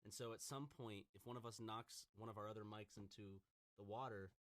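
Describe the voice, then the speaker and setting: A man's voice: on the low side, fairly even intonation, brisk, a bit bright. A young man co-hosting a podcast in loose, rambling casual chat. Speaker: podcast co-host.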